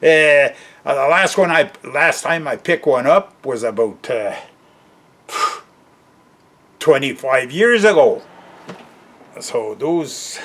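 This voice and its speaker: Older Canadian guy, unhurried folksy vlogger, chuckles through his rambling asides. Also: a little high, lively intonation, fairly bright tone. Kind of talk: casual rambling monologue.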